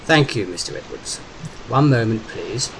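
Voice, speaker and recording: A man's voice: mid-range voice, lively intonation, moderate pace, vocal fry. A man voicing a curt, formal male operator reading procedural questions in a spoken story. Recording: noisy background hiss.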